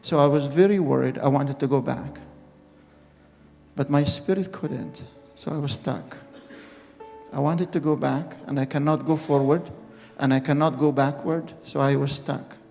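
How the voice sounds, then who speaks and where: A man preaching a personal testimony sermon, telling his story in an earnest, halting way and re-enacting moments dramatically. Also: mid-range voice, fairly even intonation, vocal fry, a little mellow. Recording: reverberant hall with faint music.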